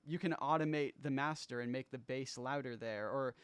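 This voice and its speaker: A man's voice: medium pitch, normal speed, fairly bright tone, smooth, dry recording. A man casually breaking down how he made his own album on a livestream, rambling loosely, swearing, trailing off and restarting.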